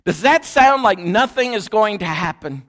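A man's voice: sits high, expressive, moderate pace, fairly bright tone. A man preaching a sermon in a church, emphatic and repetitive, calling the congregation to repeat after him. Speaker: pastor.

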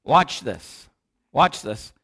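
A man's voice: medium pitch, very animated, very slow, fairly bright tone, breathy edge. A man preaching a sermon in a church, emphatic and repetitive, calling the congregation to repeat after him. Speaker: pastor.

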